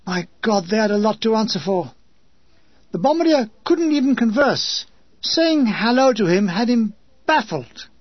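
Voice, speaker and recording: A man's voice: high voice, big pitch swings, measured pace, no room sound, muffled recording. A man reading a memoir in a dry comic storytelling manner. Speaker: narrator. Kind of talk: scripted memoir narration.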